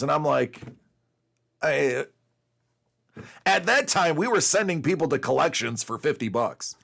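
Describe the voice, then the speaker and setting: A man's voice: a little high, very animated, slow, vocal fry, long pauses, a bit bright. A man in his forties, host of a collecting show, telling a rambling story in casual chat with lots of fillers.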